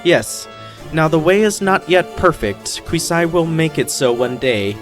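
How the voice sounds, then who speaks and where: A man voicing a ponderous living stone statue man who speaks of himself in the third person, read slowly from a game. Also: fairly high pitch, animated, faint music behind, pitched above the performer's own voice. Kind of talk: reading game dialogue aloud.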